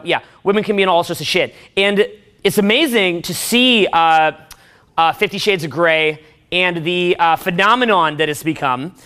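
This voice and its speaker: A man delivers a profane dating-advice rant in a high, ringing voice. He swears constantly and gets more and more excitable, breaking into loud shouts as he acts out movie scenes.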